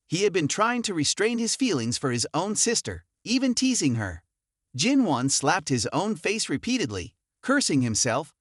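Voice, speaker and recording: A man narrating a comic recap in a brisk, animated storytelling manner. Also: on the high side, no echo, studio quality.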